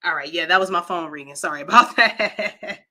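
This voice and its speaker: A woman with a twang chats casually on a livestream, joking with her viewers and laughing easily. Her voice has a bright, ringing edge. She banters between stories and then reads the news aloud in the same easygoing way. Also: fairly low pitch, moderate pace. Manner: playful, teasing the chat, bursts of laughter. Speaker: livestream co-host.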